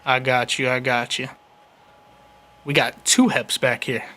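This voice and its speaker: A man's voice: mid-range voice, level tone, a little slow, pushed and bright. A man hosting a live sports stream, bringing callers on with short, easygoing remarks. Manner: brief, easygoing interjections. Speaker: show host running the call-ins. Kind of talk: casual live-stream chat.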